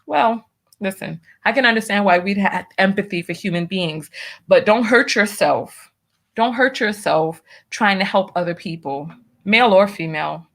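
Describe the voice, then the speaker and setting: A woman's voice: mid-range voice, moderate pace, fairly bright tone. A woman hosting a casual commentary show, talking wryly with rhetorical questions and reading out viewer donations. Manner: talkative, wry, rhetorical questions. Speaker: show host.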